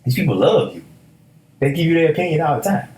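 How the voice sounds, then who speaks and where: A man's voice: on the high side, very animated, fast, darkish tone. A young man, hosting a solo motivational podcast in an emphatic, preachy, casual way with stammered restarts. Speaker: podcast host. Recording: echoey room.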